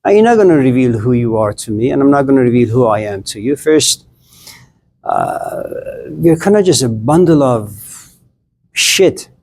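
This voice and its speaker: A man's voice: mid-range voice, big pitch swings, normal speed, a little mellow, slight background noise. A middle-aged man giving a casual, blunt classroom lecture on philosophy, chatting straight at his students and acting out little scenes.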